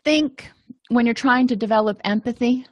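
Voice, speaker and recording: A woman's voice: on the high side, normal speed, dry recording. Woman giving a chatty talk on empathy. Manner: conversational, acts out little quoted exchanges. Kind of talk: informal lecture on empathy.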